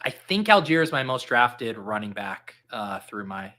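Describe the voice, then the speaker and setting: This podcast host speaks in a sharp, sing-song, mid-range voice at an unhurried pace. Chatting casually through a fantasy football draft, he lists names and numbers and tells jokey stories.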